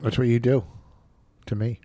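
A man in his fifties trades jabs on a podcast, teasing and needling with frequent chuckles. His middle-pitched voice sits close and dry on the mic, with no room around it. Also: fairly even intonation, normal speed, warm tone, no echo. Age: 50s. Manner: teasing, needling, laughs often. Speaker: podcast co-host. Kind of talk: casual bickering chat.

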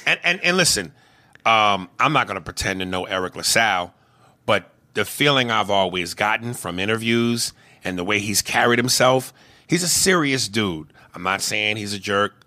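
A man co-hosting a podcast in casual movie chat, profane and animated, slipping into mocking impressions and shouting when riled. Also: lowish voice, normal speed. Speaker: podcast co-host.

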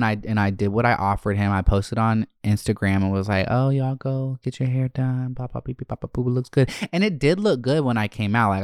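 Brash foul-mouthed guy on a podcast mic, spilling stories, smooth clear voice, dry close sound. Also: fairly low pitch, dry recording. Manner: brash, profane, animated storyteller who acts out quotes. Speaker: podcast host. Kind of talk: casual storytelling chat.

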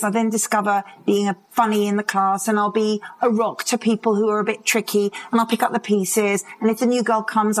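A woman's voice: mid-range voice, rough recording. A woman addiction expert giving a live conference talk, telling stories and acting out the voices of people in them. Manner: vivid storytelling, acts out quoted voices. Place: conference hall, live audience.

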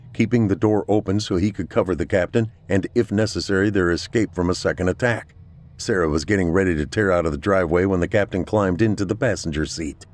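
A man reading a scripted horror story aloud in a measured, unhurried way. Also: low voice. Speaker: narrator.

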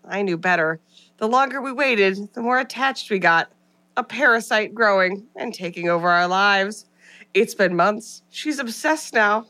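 An American woman co-hosting a casual podcast, animated and playful, often repeating words as she talks and reads a listener's review aloud. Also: on the high side. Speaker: podcast co-host.

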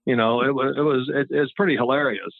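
A man's voice: medium pitch, fairly even intonation, quick pace, no echo. A man in his sixties, a former quarterback and guest, telling rambling, chatty stories in a casual interview. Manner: rambling, chatty, with frequent restarts. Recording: tinny phone-like line, dry.

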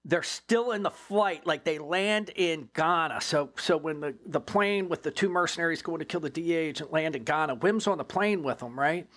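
A former drug agent, a man, telling a case story in an interview in a blunt, profane, animated way. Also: a little high, moderate pace, few pauses.

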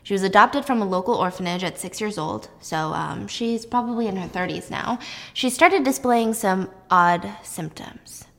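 A woman quoting a calm older woman professor. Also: medium pitch, normal speed, gravelly. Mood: earnest. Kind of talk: quoting film characters in a recap.

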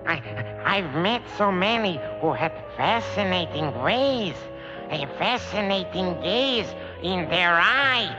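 A man's voice: high-pitched, expressive, slow, highs cut off. A man impersonating a creepy, whiny crooner on an old comic novelty record. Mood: creepy crooning. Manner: sung with breathy menace, stammering. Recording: old record with band music.

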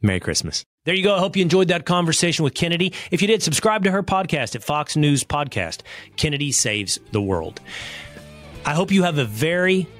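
A man hosting a podcast, talking in a relaxed, chatty way and laughing easily. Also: on the high side, fairly quick, soft background music. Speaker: podcast host. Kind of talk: casual chat.

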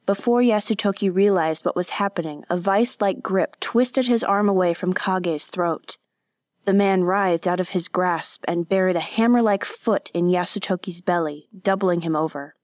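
A woman narrating an audiobook in a measured, deliberate way. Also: fairly low pitch, a little mellow, dry recording, clean studio sound. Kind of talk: audiobook reading.

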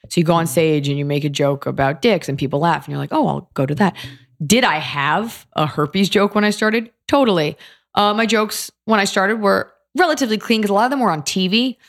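A woman comedian with a notably low voice talks casually on a podcast. She is blunt and animated, swearing freely and telling her stories straight. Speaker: comedian guest.

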